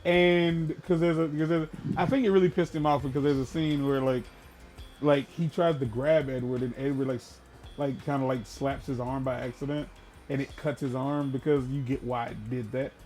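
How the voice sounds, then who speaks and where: A man co-hosting a gaming podcast, casually and profanely retelling a film, with bursts of loud emphasis. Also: medium pitch, fairly even intonation, normal speed, faint music behind.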